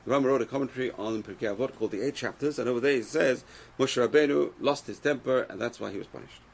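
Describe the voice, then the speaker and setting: A man's voice: mid-range voice, fast talker, vocal fry. A man teaching a Torah class who reads Hebrew texts aloud, translates them, and asks the class rhetorical questions.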